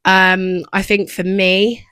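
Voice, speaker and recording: A woman's voice: mid-range voice, flat delivery, slow pace, pushed and bright, smooth, no room sound. A young woman co-hosting a podcast, chatting casually and rambling with lots of fillers. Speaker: podcast co-host. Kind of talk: casual chat.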